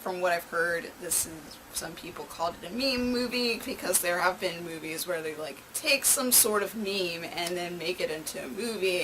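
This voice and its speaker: A woman's voice: lowish voice, normal speed, few pauses, background noise. A woman hosting her own movie review channel, chatty and openly sarcastic. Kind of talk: casual video review.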